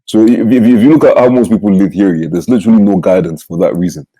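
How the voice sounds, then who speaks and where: A man's voice: on the low side, fast, mellow, rough recording. A young man from Nigeria, hosting a podcast and talking earnestly, tagging his sentences with "yeah.". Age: young adult. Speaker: podcast host. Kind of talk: casual chat.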